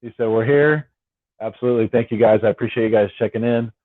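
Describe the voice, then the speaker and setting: Speaking from his West Coast home, a man runs a relaxed late-night fan live stream, rambling and saying things over again. His mid-range voice keeps fairly even intonation at a quick pace. The recording sounds dry, tinny, and echo-free.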